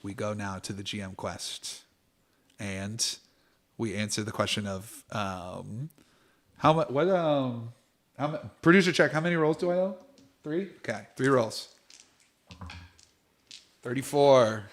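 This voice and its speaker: A man narrating as game master of a tabletop game on a live stream, goofy, rambling and quick to laugh. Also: mid-range voice.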